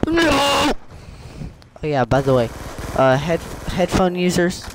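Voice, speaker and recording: Young male gamer narrating his match, excitable and jokey, slow drawn-out delivery with sudden yelps. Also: a little high. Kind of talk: gameplay commentary. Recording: faint gunfire and game noise. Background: gunfire from the game.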